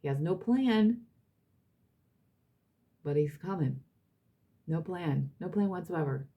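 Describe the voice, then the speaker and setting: A woman's voice: fairly low pitch, lively intonation, takes it slowly, highs cut off. A woman reading tarot cards for her audience, emphatic and blunt, repeating herself and swearing now and then. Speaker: tarot reader.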